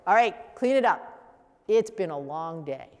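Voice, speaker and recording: A woman teaching a coaching workshop, lively and laughing, repeating answers back to the room. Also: on the low side, unhurried, big-room sound. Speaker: coach trainer.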